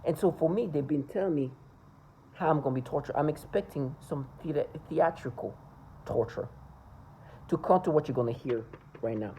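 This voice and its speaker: A woman vlogger with a low, warm, mellow voice talks to the camera at normal speed in a low-quality recording, a faint hum of noise beneath her. Earnest and insistent, she stumbles often, repeating words and restarting sentences.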